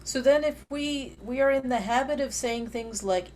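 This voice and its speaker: A woman's voice: fairly high pitch, steady tone, moderate pace, hardly any pauses, darkish tone. A woman student asking her teacher questions hesitantly, over faint background noise.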